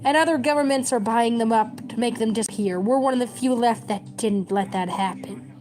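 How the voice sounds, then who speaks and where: A woman's voice: fairly high pitch, a little fast, a little mellow. A woman in her thirties, a community educator, delivering an impassioned, scolding political rant straight to camera. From United States. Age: 30s. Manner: urgent, scolding, preachy.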